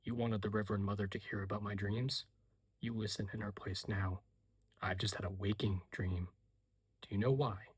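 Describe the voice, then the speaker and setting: Man doing a tormented, intense young man; whispered role-play, breathy and low. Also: steady tone, normal speed. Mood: bitter. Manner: hushed, low and tense.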